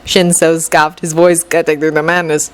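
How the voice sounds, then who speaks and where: A woman narrating a fanfiction audiobook with expressive storytelling. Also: low voice, normal speed, a little hiss or hum.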